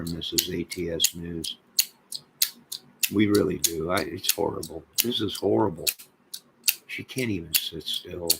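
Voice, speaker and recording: A man hosting a livestream, rambling and joking in a deadpan way as he talks to viewers in chat. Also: low-pitched, creaky, very noisy. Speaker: livestream host.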